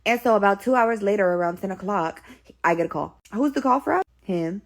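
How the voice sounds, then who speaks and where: A woman telling a story in a casual get-ready-with-me storytime, animated and slangy, swearing freely. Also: mid-range voice, fairly quick.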